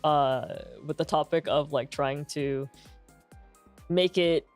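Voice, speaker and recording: A woman's voice: deep voice, slow pace, faint music behind. A young adult woman streaming, chatting candidly with lots of fillers and laughs, in a full, grounded speaking voice. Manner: relaxed and candid, many fillers, laughs often. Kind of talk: casual chat stream.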